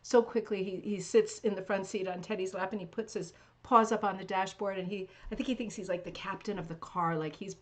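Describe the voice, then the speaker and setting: Woman, livestream host, casual chat, greets viewers, chatty, filler-heavy, restarts, relaxed on a couch. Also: medium pitch, brisk, few pauses. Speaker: host of a rug hooking club livestream. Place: sitting on a couch at home.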